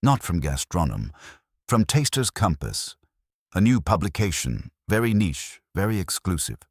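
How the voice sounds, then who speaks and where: A stout, imperious detective gives his orders in formal, clipped sentences, as a man reads him. His voice sits extremely low and slightly husky, with lively pitch. The sound is dry and close. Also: no echo, exaggerated voice.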